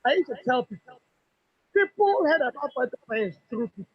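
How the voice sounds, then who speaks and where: Husky-voiced Nigerian woman giving testimony. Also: high voice, a little fast. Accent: Nigerian English. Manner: animated storyteller who acts out dialogue. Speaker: customer giving a product testimony. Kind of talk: emotional personal testimony. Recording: dull lo-fi recording.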